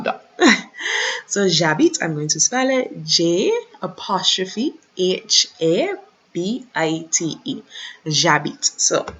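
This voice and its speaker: A woman teacher, patiently running an online French lesson and repeating words slowly, recorded on a computer mic. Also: on the low side, fairly bright tone, dull audio. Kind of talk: online lesson over shared slides.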